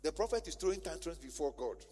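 Male pastor, high lively delivery, sermon in a reverberant church. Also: quick pace, husky. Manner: animated, conversational, rhetorical questions. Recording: long church-hall reverb.

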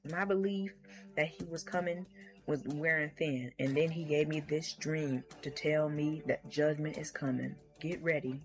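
Urgent low-voiced woman over music. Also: fairly even intonation, unhurried. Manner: urgent, emphatic warnings. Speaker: dream testimony speaker. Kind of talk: spoken testimony. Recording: music playing underneath.

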